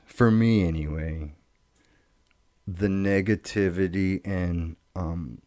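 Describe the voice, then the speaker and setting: A middle-aged man telling his life story in casual talk, profane and rambling, with halting restarts. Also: deep voice, no room sound, clean studio sound.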